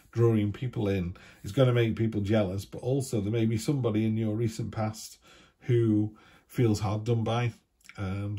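A man gives a casual tarot reading in a husky, slightly low voice. His tone is mellow and unhurried, and he rambles chattily from card to card with little asides. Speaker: tarot reader.

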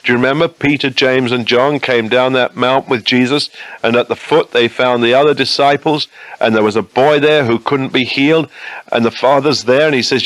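A man's voice: medium pitch, brisk, fairly bright tone, dry recording, poor audio. A man preaching a sermon in an earnest, conversational way, often asking his listeners questions.

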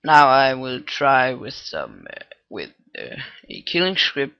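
A man thinking aloud through a casual coding tutorial, halting with many fillers and restarts, on a low-quality microphone. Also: huge pitch swings, vocal fry, smooth, no room sound, lo-fi sound. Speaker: scripting tutorial maker. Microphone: cheap computer microphone.

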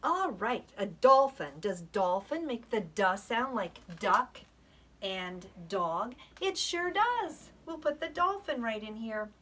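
A breathy woman teaching preschoolers at an unhurried pace, drawing out each letter sound and dropping into soft asides. Her voice sits a little back from the microphone. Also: medium pitch, big pitch swings. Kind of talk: recorded preschool lesson. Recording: voice from a distance.

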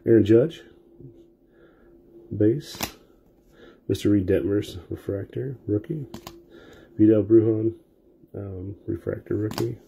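A man's voice: fairly low pitch, takes it slowly, creaky, pauses often, dark tone, husky. Laid-back man calling card pulls. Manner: casual, rattles off player names as packs open. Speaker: sports card breaker. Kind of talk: live card break commentary.

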